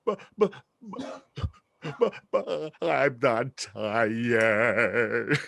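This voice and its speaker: A man's voice: medium pitch, drawn-out words, creaky, a bit bright, a little hiss or hum, full character voice. A man voicing a four-year-old boy who whines, stammers and drags out his sobbing complaints. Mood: whining.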